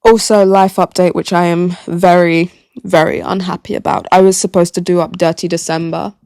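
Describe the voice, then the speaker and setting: A young woman hosts her solo podcast, rambling and poking fun at herself. Her lowish voice is gravelly and hoarse from a sore throat. The sound is close and dry on a podcast mic. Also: flat delivery, normal speed, a little mellow, no room sound. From Gambia. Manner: chatty, self-mocking, rambling. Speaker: podcast host. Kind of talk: casual solo chat. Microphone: podcast microphone.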